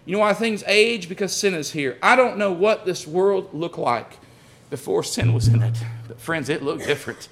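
A pastor with a high, light male voice preaches to his congregation. He tells homely stories and swings between quiet asides and forceful emphasis. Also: expressive, moderate pace, vocal fry, soft background music. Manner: folksy storytelling, addresses the congregation as friends. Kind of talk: sermon.

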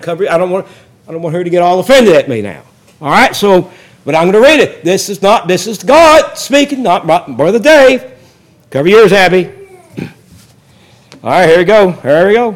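A man preaching a sermon in a folksy, joking storytelling way that builds into loud excitement. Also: high voice. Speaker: pastor.

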